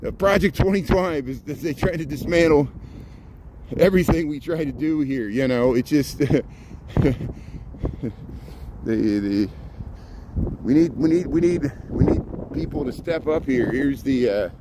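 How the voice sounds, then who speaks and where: A man's voice: a little high, unhurried, pauses often, background noise. A man hosting a walking livestream outdoors in a city park at dawn, rambling with repeated words and restarts, a little out of breath, talking into a handheld phone. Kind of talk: casual live walking commentary.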